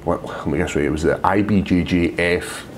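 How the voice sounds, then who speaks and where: A man with a Scottish accent in casual podcast chat, telling stories quickly and acting out what people said. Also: low voice, a little hiss or hum. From Scotland. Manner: rapid storytelling with acted-out quotes. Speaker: podcast guest, fighter.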